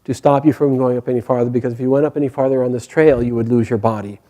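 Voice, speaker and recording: A man's voice: medium pitch, fairly even intonation, very fast, warm tone, natural voice. A man voicing an ancient, powerful male monkey god who drawls lazily and teases. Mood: kindly. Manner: drawling, teasing, unbothered.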